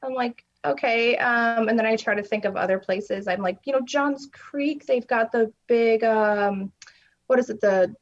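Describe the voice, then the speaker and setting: A woman's voice: a little high, unhurried. A woman guest on a podcast, chatting casually and rambling, laughing often as she talks from home. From US South. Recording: dull lo-fi mic.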